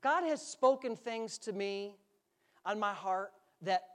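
A man's voice: high-pitched, lively intonation, slow. A man preaching a sermon as a pastor in a church, talking casually and joking with the congregation. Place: church sanctuary.

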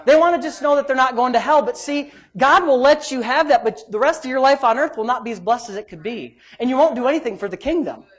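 A man preaching a sermon and telling his own story. He swings between loud, emphatic preaching and low, muttered asides, and he acts out the quoted voices. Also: fast, hardly any pauses. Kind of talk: sermon with personal testimony.

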